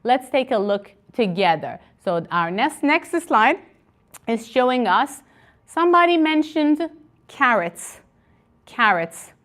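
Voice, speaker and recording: A woman teaching an online English conversation class, encouraging and repeating words slowly for learners over a video call. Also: on the high side, big pitch swings, fairly bright tone.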